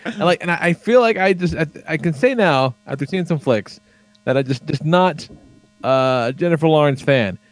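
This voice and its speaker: A man's voice: on the high side, lively intonation, normal speed. A man chatting casually on a podcast, swearing freely and rambling with lots of fillers as he tells stories. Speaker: podcast co-host.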